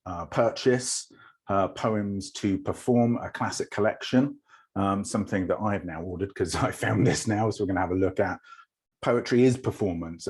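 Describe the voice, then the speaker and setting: A man talks through a poetry lesson in a relaxed, meandering way. His voice sits low and has a husky edge. He drifts through side remarks and fills his pauses with ums. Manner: rambling, with many fillers. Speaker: teacher. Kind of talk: informal online lesson.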